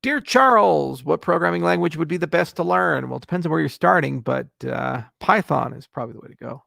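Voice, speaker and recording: A man hosting a casual livestream Q&A, reading viewer questions aloud and answering with wry, deadpan jokes. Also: fairly high pitch, a little fast, gravelly, no room sound, studio quality.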